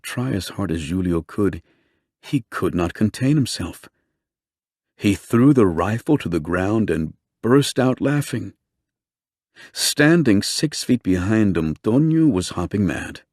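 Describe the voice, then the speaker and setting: In clean studio sound with no room sound, a man with a low voice narrates an audiobook from a script, telling the story in a steady, measured way.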